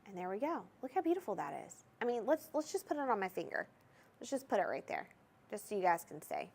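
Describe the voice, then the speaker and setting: Lively chatty Southern shopping-channel hostess. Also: female voice, mid-range voice, quick pace. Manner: chatty, keeps checking in with viewers. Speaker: shopping channel jewelry host. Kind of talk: live TV sales pitch.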